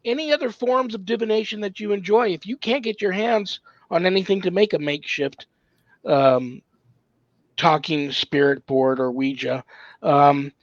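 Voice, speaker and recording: Higher-voiced man hosting, dull dry sound. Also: normal speed, dry recording. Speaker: host of a paranormal talk show. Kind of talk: casual live interview.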